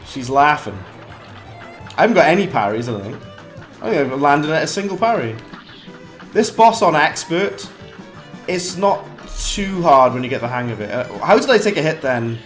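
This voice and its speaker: A British man giving chatty live commentary while streaming a game, mocking himself and breaking into quick bursts of frustration. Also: on the high side, lively intonation, soft background music.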